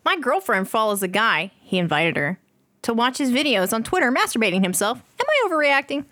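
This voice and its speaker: Female co-host, mid-pitched, very expressive reader, dead-dry recording. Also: a little fast, no room sound. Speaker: podcast co-host. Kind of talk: casual chat, reading posts aloud.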